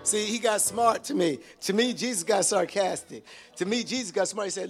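Animated high-voiced male preacher. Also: normal speed, soft background music. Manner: animated, call-and-response preaching with sudden shifts from hushed to shouted. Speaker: pastor. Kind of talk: sermon.

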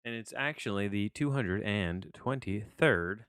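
A man hosts a casual movie review podcast, rambling along with plenty of fillers and restarts. His voice is fairly low and smooth and resonant. The recording is dry, with little room sound. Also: slow pace, a bit bright, no room sound. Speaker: podcast host.

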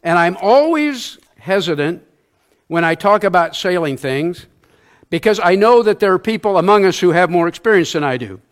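With a smooth, expressive, high-pitched voice at ordinary speed, an older church elder preaches. His sermon is a story at his own expense, and he acts out its sounds and the lines people say.

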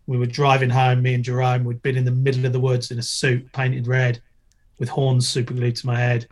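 A man's voice: medium pitch, completely flat delivery, fairly quick. A middle-aged man, a former skateboarder and TV presenter, chatting as a podcast guest, joking and telling stories with plenty of swearing. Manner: jokey, storytelling, swears freely. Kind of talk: casual podcast interview.

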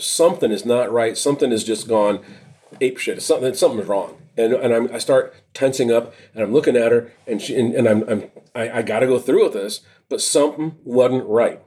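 A middle-aged man, a retired police officer, co-hosting a podcast and telling a long story in a rambling, animated way, swearing and laughing often. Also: mid-range voice, a little fast. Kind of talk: casual storytelling chat.

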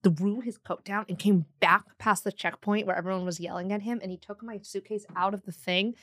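A woman, a podcast guest, telling an anecdote in a teasing, animated, casual way. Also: medium pitch, fairly quick. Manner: teasing, animated, laughs easily. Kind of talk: casual storytelling.

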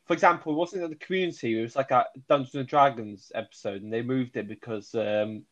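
A man's voice: medium pitch, brisk, fairly bright tone, muffled recording. Hesitant male podcast co-host. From England. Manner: hesitant, full of fillers and restarts. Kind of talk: casual chat.

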